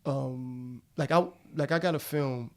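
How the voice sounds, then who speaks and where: Gravelly middle-aged man, slangy and loose. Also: medium pitch, steady tone, measured pace, darkish tone. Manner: slangy and loose, calls people bro. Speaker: guest actor. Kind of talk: casual podcast chat. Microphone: studio podcast mic.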